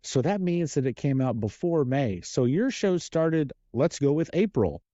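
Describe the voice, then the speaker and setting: A man taking over as interviewer on a casual podcast, talking in an energetic, joking and playful way. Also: a little high, a little slow, dry recording, dull audio. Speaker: guest interviewer.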